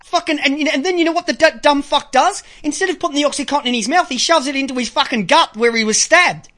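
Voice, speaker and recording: A man's voice: extremely high pitch, fast. A man with an Australian accent hosting a casual radio talk show, swearing freely and tripping over repeated words. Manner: profane, excitable, repeats words.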